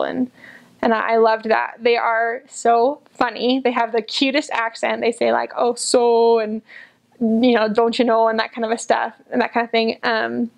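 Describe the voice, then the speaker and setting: A woman's voice: fairly high pitch, vocal fry. A young woman, a returned missionary, talking earnestly and gushingly about people she grew fond of, often repeating herself. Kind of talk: casual personal reflection.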